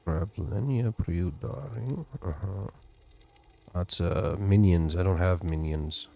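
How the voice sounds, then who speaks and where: A man with a Western Canadian accent chatting easily as he plays a game, folksy and quick to laugh. His voice sits very low, and he takes his time with each phrase. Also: vocal fry, mellow, a little hiss or hum. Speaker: gaming streamer. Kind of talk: casual gameplay commentary.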